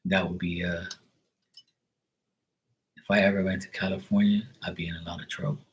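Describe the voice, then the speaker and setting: A man's voice: low voice, flat delivery, normal speed. A man giving casual, profane tarot readings on a livestream, chatting loosely and laughing often between cards. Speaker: tarot reader.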